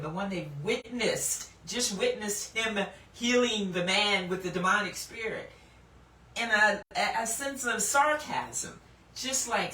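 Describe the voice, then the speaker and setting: A woman hosting a casual Bible lesson, laughing often and slowing down to read scripture with emphasis. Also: medium pitch, sharp tone. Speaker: Bible teacher and host. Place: indoor room. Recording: echoey room, mic at a distance, faint background noise.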